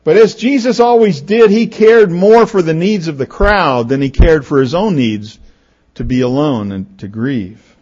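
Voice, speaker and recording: A man's voice: a little high, a little slow. A male pastor reading scripture and preaching a sermon, telling stories expressively and acting out the characters' lines. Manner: expressive storytelling, voices the characters. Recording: dull lo-fi recording.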